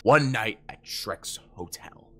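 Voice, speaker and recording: A man doing jokey let's play commentary on a horror game, excitable, cursing and shouting at scares. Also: fairly low pitch, slow pace, soft background music. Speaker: gameplay commentator.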